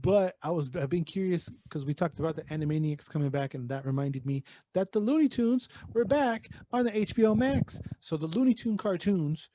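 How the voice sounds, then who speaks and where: A man's voice: high voice, expressive, fairly quick, few pauses, mellow. A man co-hosting a podcast, chatting casually and rambling, swearing freely and slipping in bits of Spanish slang. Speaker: podcast co-host. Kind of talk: casual chat.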